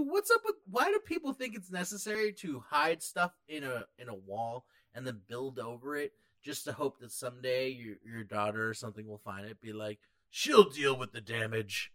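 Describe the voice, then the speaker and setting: Lively, higher-voiced man chatting. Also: fairly quick, few pauses. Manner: animated, jokey, slips into quoted voices. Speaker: podcast co-host. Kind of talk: casual chat about a movie.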